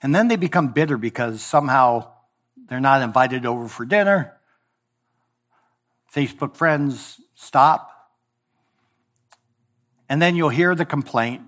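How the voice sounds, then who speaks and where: A male pastor preaching a sermon in a church, voicing scripture and God's words with swings from loud emphasis to hushed tones. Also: mid-range voice, measured pace, pauses often. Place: church sanctuary.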